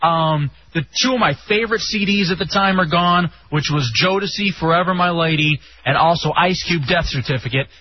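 A young man from Texas hosting a radio show, telling stories in an animated way with casual swearing. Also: high-pitched, a little fast, few pauses, slight background noise. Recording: dull lo-fi radio sound.

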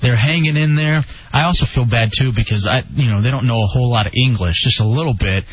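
A man's voice: mid-range voice, fast, a little hiss or hum. A man hosting a casual radio show, joking and laughing often and mocking himself. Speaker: radio host. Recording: dull lo-fi radio recording.

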